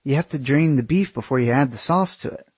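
A man's voice: medium pitch, a little fast, darkish tone, husky, dry recording, lightly acted. A man voicing a blunt young traveler. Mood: insistent. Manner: insistent, swears casually.

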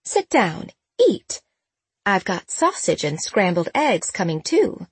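A woman voicing an elderly aunt who is brisk, blunt and fussing in an audiobook. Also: mid-range voice, big pitch swings, husky, no room sound, exaggerated voice.

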